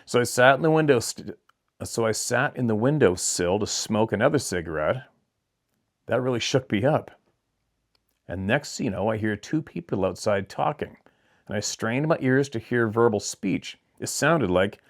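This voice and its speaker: A man hosting a channel, reading a viewer's letter aloud in a plain, steady storytelling way with brief asides of his own. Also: fairly low pitch, normal speed. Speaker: channel host.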